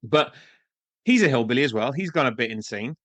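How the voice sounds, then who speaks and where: A man's voice: medium pitch, expressive, a little fast, a bit bright, no echo. Chatty man on a dry-sounding podcast mic. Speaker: podcast co-host. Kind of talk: casual film review chat.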